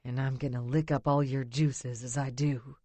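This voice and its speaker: A woman voicing a rugged, possessive bearded man with a low rasping murmur, teasing and commanding in an audiobook. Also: level tone, normal speed, dark tone, no room sound.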